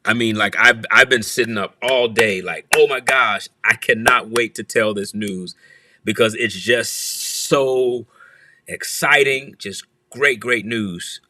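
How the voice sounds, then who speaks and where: A man hosts a church livestream from his office, greeting viewers one at a time and teasing them playfully, often repeating phrases. His mid-range voice is pushed and bright, and he speaks at a slow pace.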